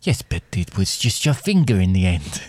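A man's voice: deep voice, no room sound, studio quality. A man voicing a grumpy, bored black cat. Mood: deadpan. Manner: slow, vague, deadpan, mishears questions. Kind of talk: improvised comedy role-play.

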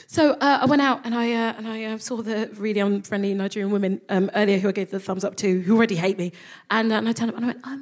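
Before a live audience, an English woman who co-hosts a comedy podcast tells a comic stand-up story, swearing freely, acting out its characters, and laughing at her own jokes. She speaks animatedly and fast in a medium pitch.

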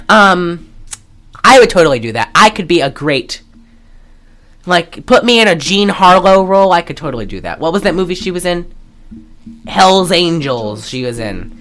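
A woman co-hosting a podcast, recapping a movie in casual chat, animated and profane, with lots of fillers and laughter. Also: on the low side, measured pace, long pauses, soft background music. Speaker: podcast co-host.

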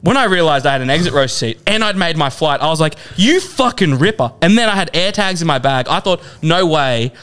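A man's voice: on the high side, quick pace, few pauses, clean tone. A man co-hosting a podcast, telling a funny story with lots of laughter and swearing. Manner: animated, laughs through his stories, swears freely. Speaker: podcast co-host. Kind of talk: comic storytelling.

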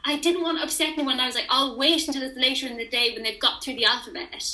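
A woman's voice: sits high, fast, reverberant, poor audio. A young woman telling a story in casual chat, acting out the quoted dialogue. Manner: animated storyteller who acts out quoted dialogue. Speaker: interview guest.

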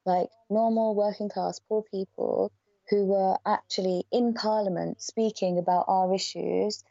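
Woman, outspoken, swears a lot, mellow lowish voice, dry slightly dull podcast sound. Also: fairly even intonation, measured pace, gravelly, dry recording. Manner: blunt, swears freely, laughs often. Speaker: podcast guest, charity worker. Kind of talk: casual podcast conversation.

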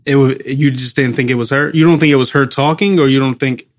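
A man's voice: mid-range voice, steady tone, quick pace. A man co-hosting a casual movie review podcast, chatty, laughing often and trailing off while he searches for names. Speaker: podcast co-host.

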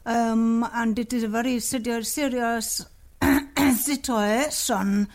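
A woman's voice: on the high side, fairly even intonation, takes it slowly. A woman playing a stern, bureaucratic female complaints officer with a put-on Indian accent on a prank phone call, full of hesitations.

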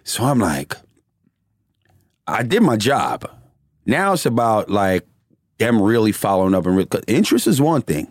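This is a man with a lower-pitched voice who tells stories in an animated, profane way, with his pitch jumping up and down as he goes. He laughs easily through his story. The sound is dry and close. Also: normal speed, pauses often, dry recording. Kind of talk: casual storytelling.

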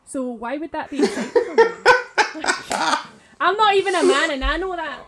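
Blunt high-voiced Scottish woman. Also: animated, normal speed, a crowd in the background. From Scotland. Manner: blunt, laughing, teasing. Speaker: podcast co-host. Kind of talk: casual chat.

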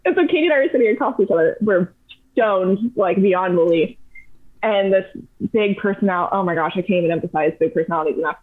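Podcast guest: chatty young woman, animated storyteller, thin phone-like sound. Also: medium pitch, quick pace. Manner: chatty, animated retelling with lots of "like". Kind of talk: casual storytelling. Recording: tinny phone-like line.

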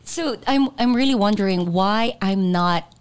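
A woman's voice: medium pitch, measured pace, smooth. Candid woman telling stories. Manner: candid, animated storytelling. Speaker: podcast co-host. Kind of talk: casual chat.

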